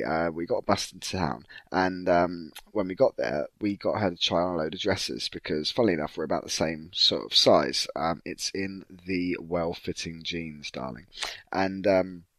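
A young man telling a lively, camp anecdote on a podcast. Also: no echo. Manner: lively, camp, acts out high-pitched voices of relatives. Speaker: podcast guest storyteller. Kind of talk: animated anecdote.

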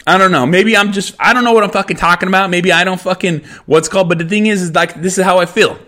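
An American podcast host rants angrily in a high, bright voice at a fast clip. Fiery and profane, he swears, repeats himself, and restarts sentences midway.

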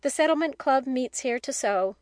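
A woman reading the part of a gentle, concerned middle-aged aunt in an audiobook, close to her own voice. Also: high-pitched, animated, moderate pace, no room sound, voice pushed up.

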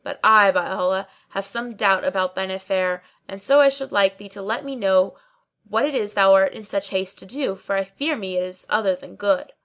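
Woman reading a boastful old barber, long-winded, preachy, slow and deliberate. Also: mid-range voice, a bit bright, natural voice. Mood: pompous. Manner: long-winded, pious, quoting sayings. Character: garrulous pompous old male barber.

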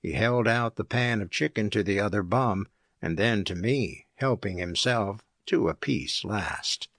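A man reading an audiobook aloud as narrator, in a measured, even storytelling manner. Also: on the low side, gravelly, no echo, studio quality. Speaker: audiobook reader.

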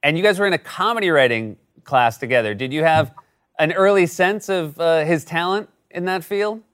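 Smooth-voiced talk show host. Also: male voice, fairly high pitch, normal speed, a bit bright. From New Hampshire. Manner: laughs often, asks with fillers.

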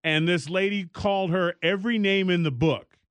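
Animated man with a dry studio sound. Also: moderate pace, dry recording. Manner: animated storytelling, jumps into high mock voices. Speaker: podcast co-host. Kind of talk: casual chat.

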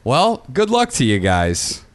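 A man's voice: medium pitch, huge pitch swings, takes it slowly. A man co-hosting a podcast, joking crudely and laughing often. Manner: joking, laughs often, slips into silly voices. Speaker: podcast co-host. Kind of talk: crude comedic banter.

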